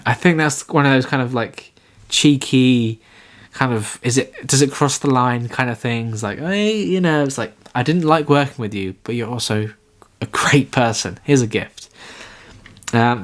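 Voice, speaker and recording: A man hosting a solo podcast, chatting in a rambling, self-deprecating way. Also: mid-range voice. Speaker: podcast host.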